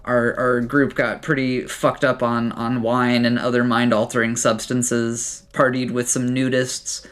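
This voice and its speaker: A man's voice: medium pitch, flat delivery, a little slow, few pauses, fairly bright tone. A man running a tabletop game as game master, narrating loosely with many fillers and restarts.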